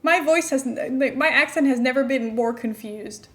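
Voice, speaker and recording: This young woman, whose fairly high voice carries an international-school American accent, talks at a moderate pace over soft background music while playing a game on stream. Giggly and talkative, she replies to viewers between her building tasks.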